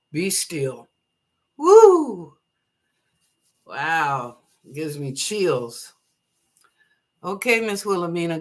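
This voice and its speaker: A woman's voice: lowish voice, pushed and bright. A woman hosting live online psychic readings. She reads viewers' questions aloud, then interprets them in a chatty, easygoing way, laughing often and blessing her callers. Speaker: psychic reader and show host.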